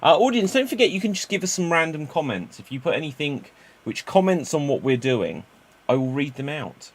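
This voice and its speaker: A man hosting a live online improv show, brisk and jokey, with frequent fillers. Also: a little high, big pitch swings.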